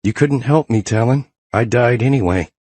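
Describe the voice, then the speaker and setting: A man's voice: mid-range voice, moderate pace, a little mellow, husky, dry recording, pitched above the performer's own voice, natural voice. A male narrator voicing the taunting floating head of a dead man in a nightmare. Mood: mocking. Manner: mocking, accusing.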